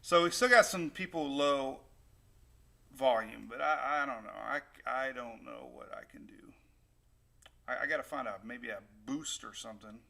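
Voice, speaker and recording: Man, weather livestream host, gravelly voice, rambling casual chat. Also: mid-range voice, big pitch swings, normal speed, pushed and bright. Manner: rambling, chatty, upbeat. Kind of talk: casual live-stream chat. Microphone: new desktop microphone.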